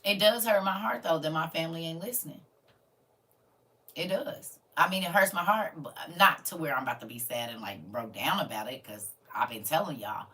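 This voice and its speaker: A woman's voice: low voice, animated, normal speed, pushed and bright, far from the mic. A woman, hosting a casual livestream and talking earnestly to her viewers as family. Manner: earnest, preachy, addresses listeners as family. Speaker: livestream host.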